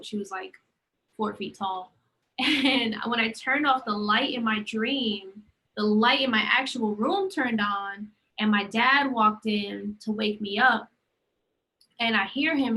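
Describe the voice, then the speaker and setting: This is a young woman co-hosting a podcast, her mid-range voice coming through a rough recording. She tells stories animatedly in a casual chat and performs the quoted dialogue.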